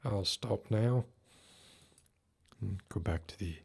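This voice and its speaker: Slow and lowish, his voice gravelly and husky, this streamer reads a classic story aloud in an affected, formal Mid-Atlantic manner before dropping into casual chat with his live-stream audience.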